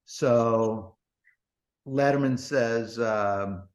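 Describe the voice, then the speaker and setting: A man's voice: mid-range voice, very slow. A man, a former TV producer guesting on a podcast, telling rambling, profane backstage anecdotes full of "he goes" and "blah, blah.". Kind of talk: anecdotal storytelling.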